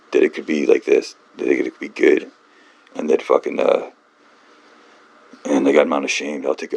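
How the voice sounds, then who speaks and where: Very deep-voiced rambling man. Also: creaky, darkish tone, no room sound. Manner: rambling, halting, swears a lot, self-mocking. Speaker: book channel host. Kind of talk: rambling off-script rant.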